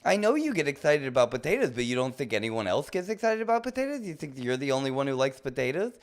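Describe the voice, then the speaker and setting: Lively, animated male livestreamer. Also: fast talker, few pauses. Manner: animated, mock-indignant playful ranting; jumps to high excited outbursts. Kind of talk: live gameplay commentary.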